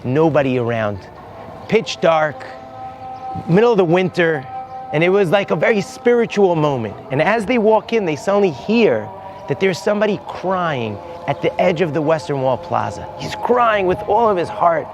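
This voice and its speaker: A man's voice: a little high, sing-song, moderate pace, faint music behind. A man, a rabbi, telling a heartfelt story on location outdoors at a holy site. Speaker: rabbi and guide.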